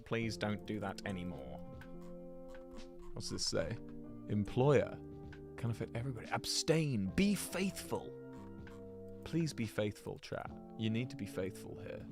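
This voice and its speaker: A man's voice: on the low side, animated, a little slow, vocal fry, long pauses, over music. A man giving rambling, chatty commentary to his viewers while he plays a geography game, laughing often. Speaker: streamer.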